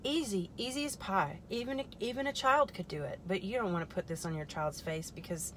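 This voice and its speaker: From a parked car in a store parking lot, a woman with a lowish, fairly bright voice hosts a casual product-testing live stream, talking quickly and expressively. She rambles through joking asides to viewers and mutters under her breath while fiddling with the product, with slight background noise.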